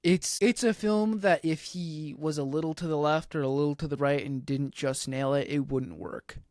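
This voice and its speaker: A man with a fairly high voice co-hosts a casual film podcast, animated and opinionated, with plenty of fillers. His voice is recorded dry and close. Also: normal speed, no echo. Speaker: podcast co-host.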